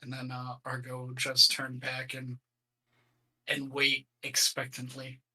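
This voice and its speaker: A man's voice: medium pitch, monotone, unhurried, pushed and bright, poor audio. A man playing a tabletop game, asking questions and laughing. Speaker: player. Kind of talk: casual tabletop game play.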